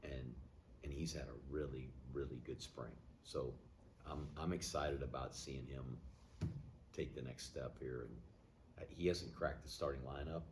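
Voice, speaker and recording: A middle-aged man speaks in a remarkably deep, low voice as a football head coach fielding questions from the press. He talks in a plainspoken, measured way and thinks aloud as he answers. A faint hum of background noise sits under his words. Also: steady tone. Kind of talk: post-game media interview.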